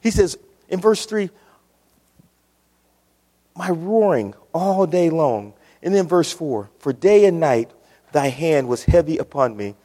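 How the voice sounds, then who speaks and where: A man with a slightly high, warm, animated voice preaches a sermon to his congregation, taking it slowly and pausing often. He is impassioned and repetitive, frequently calling out to the church, and the recording has the reverb of a church hall.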